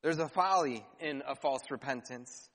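A pastor delivers a sermon in a mid-range, fairly bright voice at a normal speed, reading scripture aloud and mixing in rhetorical questions and dry asides. The recording carries a long hall reverb.

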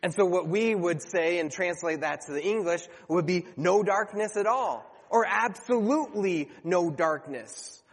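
A man's voice: high-pitched, animated, measured pace, slightly rough, big-room sound. A man preaching a sermon to his congregation, earnest and conversational, sometimes stumbling and correcting himself.

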